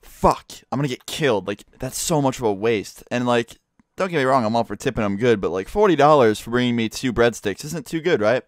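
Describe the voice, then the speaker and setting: A man's voice: mid-range voice, animated, brisk, dry recording, studio quality. A teenage boy telling a casual storytime, rambling and profane, full of fillers. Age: teens.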